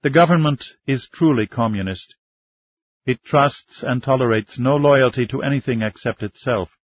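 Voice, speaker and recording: A man voicing a dignified male minister in his fifties, speaking in a measured, formal way in an audiobook. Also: medium pitch, no room sound, natural voice. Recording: dull lo-fi dry recording.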